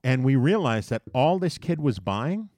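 A man's voice: mid-range voice, normal speed, dry recording, clean studio sound. A man telling a long story in casual chat, swearing freely and acting out what people said to him. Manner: animated, profane, mimics people in his story. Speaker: podcast host telling a story.

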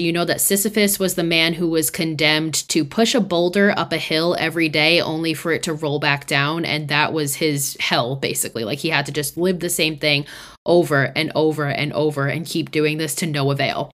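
A woman with a low-pitched voice hosts a podcast and retells a movie plot in a loose, conversational way. She swears freely and fills her sentences with "like" and "basically". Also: a bit bright. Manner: chatty, profane, uses many fillers. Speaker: podcast host. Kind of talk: casual movie recap.

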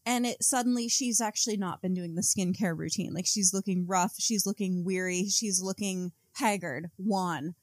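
A woman with a mid-range voice co-hosts a chatty book-club podcast. She quotes passages with wry mock outrage and quick jokes. The recording is dry and close. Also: medium pitch, a little mellow, dry recording. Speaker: podcast co-host. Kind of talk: casual book-club chat.

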